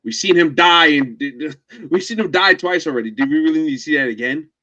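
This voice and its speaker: A man guesting on a casual movie review podcast, excitable and quick to jump in with opinions. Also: on the high side, lo-fi sound. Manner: excitable, jumps in with opinions and laughs.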